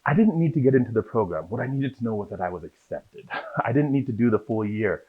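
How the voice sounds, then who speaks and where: A man telling lively stories about his acting career in a casual interview, acting out the people in them. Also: medium pitch, fast talker, slightly rough. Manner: animated storyteller, acts out voices in his anecdotes. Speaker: guest, actor. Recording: dull lo-fi sound.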